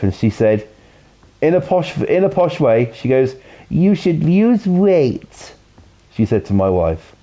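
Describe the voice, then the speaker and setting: A man's voice: lowish voice, dark tone. A British man streaming a game, chatting casually in a rambling way, swearing heavily and filling with "you know". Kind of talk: casual stream chat while playing. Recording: dull lo-fi audio.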